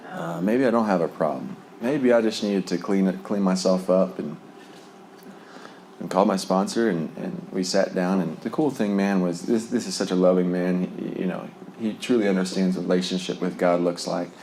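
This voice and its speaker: A man's voice: low-pitched, moderate pace, darkish tone, slight background noise. A man sharing a personal recovery testimony in a conversational, rambling way, full of fillers and small laughs. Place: Lubbock, Texas.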